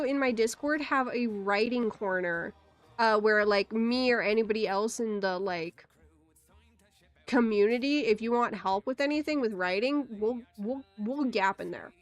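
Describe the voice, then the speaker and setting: A woman livestreamer chatting casually with her viewers, rambling with quick asides, giggles and playful exclamations. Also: a little high. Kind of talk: casual rambling stream chat.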